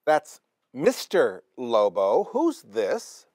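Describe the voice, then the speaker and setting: A man's voice: medium pitch, wildly swooping pitch, very slow, a little mellow, dry recording, clean studio sound. A man hosting a late-night movie show in a comedy sketch, sick with a cold and coughing. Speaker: horror movie host.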